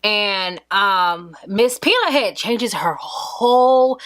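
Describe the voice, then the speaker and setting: A woman's voice: medium pitch, takes it slowly. A young woman in casual storytime, animatedly acting out what others said. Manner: animated, acts out quotes of others. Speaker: vlogger.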